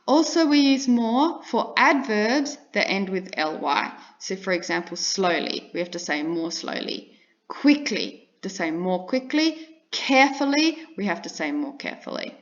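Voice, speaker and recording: A woman's voice: medium pitch, animated. Woman teaching grammar, dull lo-fi. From Australia. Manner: explaining slowly with repeated examples. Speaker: English teacher. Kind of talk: grammar lesson.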